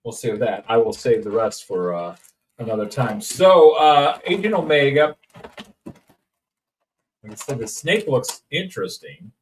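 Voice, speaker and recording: A man's voice: lowish voice, expressive, normal speed, a little hiss or hum. Rambling jokey man. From Indiana, USA. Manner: rambling, jokey, sings snippets. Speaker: toy-collecting streamer. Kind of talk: casual unboxing chat. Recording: distant mic.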